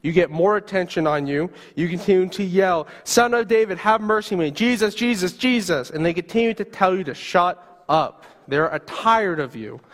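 A man's voice: a little high, big-room sound. A male youth pastor preaching, telling a vivid story in the second person. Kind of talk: sermon storytelling.

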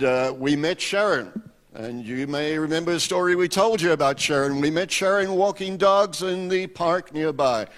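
A man, a missionary telling a story during a sermon in a relaxed, wry manner. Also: medium pitch, in a large hall. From South Africa. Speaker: missionary speaker.

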